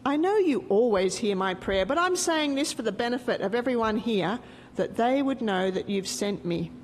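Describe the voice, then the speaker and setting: A woman telling a story to a group and voicing a calm, commanding grown man in a slower, lower, measured way. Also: big-room sound, a little hiss or hum, lightly acted, low-quality recording. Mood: solemn.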